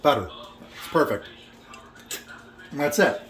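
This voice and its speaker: A man's voice: fairly high pitch, expressive, a little slow, a bit bright. A middle-aged man cooking in his home kitchen for a casual vlog, talking in a brash, joking, boastful way. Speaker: home cook vlogger.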